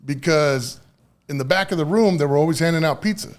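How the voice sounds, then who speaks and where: A man's voice: a little high, brisk. A middle-aged man, a podcast guest and union official, telling stories in casual chat, swearing freely and dropping Spanish phrases into his English, with many fillers and restarts.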